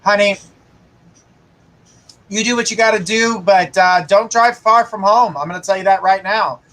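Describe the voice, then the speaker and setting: A man's voice: high voice, normal speed, a bit bright, rough recording. A man hosting a live psychic show, giving casual, reassuring readings and direct advice to a caller. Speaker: psychic host.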